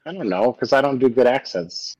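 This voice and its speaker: A man's voice: medium pitch, expressive, brisk, highs cut off, crowd noise. A man telling crude, joking stories in casual chat from his home basement.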